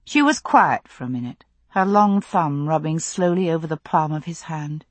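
Woman audiobook narrator, dry close sound, breathy low voice. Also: expressive, moderate pace, dry recording. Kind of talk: scripted narration.

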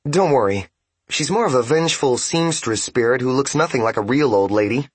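A man's voice: mid-range voice, animated, fairly quick, husky, no room sound, pitched above the performer's own voice. A man voicing a reassuring young woman adventurer in an audiobook, in a raised, lighter voice.

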